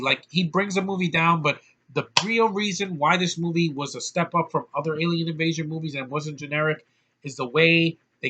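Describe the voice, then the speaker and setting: A man's voice: fairly high pitch, sharp tone, husky. A man giving a casual, blunt and profane movie review from a small hot room, with many fillers.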